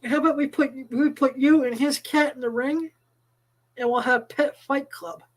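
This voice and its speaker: High-voiced woman chatting loosely. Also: steady tone, moderate pace, low-quality recording. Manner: chatty, stumbling restarts, swears casually. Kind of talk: casual live chat show.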